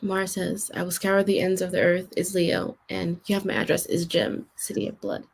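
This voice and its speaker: Gravelly-voiced woman, relaxed and wry. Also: on the low side, normal speed, slight background noise. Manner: wry, relaxed, reads chat comments. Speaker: writing sprint host. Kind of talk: casual chat among writers.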